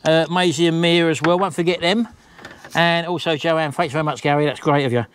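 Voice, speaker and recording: Middle-aged vlogger host, rambling jokey chat, voice a touch high. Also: male voice, steady tone, fairly quick, a little hiss or hum. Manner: chatty, rambling, jokey, calls wife baby. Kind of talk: casual chat to camera.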